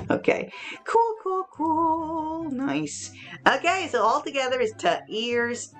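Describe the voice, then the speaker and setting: A young woman teaching children English, chatting brightly through a phonics lesson and a home kitchen demo. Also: fairly high pitch, sing-song, unhurried, soft background music. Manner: bubbly, chatty, talks straight to children.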